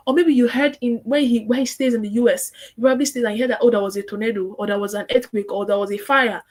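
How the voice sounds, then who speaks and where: A woman teaches an online course in a lively, animated way. She slips into little acted-out client conversations and repeats key words for emphasis. Her voice sits fairly high. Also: quick pace, few pauses.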